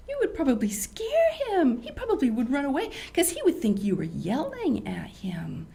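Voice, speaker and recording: Older woman, children's show host, higher voice, very expressive pitch, teacherly, asks kids questions. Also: normal speed, vocal fry.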